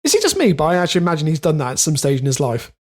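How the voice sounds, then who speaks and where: A man's voice: a little high, huge pitch swings, very fast. A young man co-hosting a podcast, reading odd news stories aloud and wandering into jokes. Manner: reads news then rambles off in jokes. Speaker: podcast co-host, reads the stories. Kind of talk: casual comedic chat.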